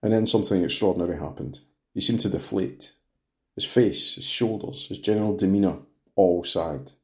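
A man narrating a crime audiobook with a low, steady voice. His delivery is even and measured, moving the scene along between characters. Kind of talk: scripted narration.

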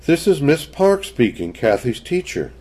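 A loud, unfailingly cheerful young schoolteacher, as a male narrator voices her, pitched high above his usual voice. Brisk and jovial, with a lively, swinging melody. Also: husky, exaggerated voice.

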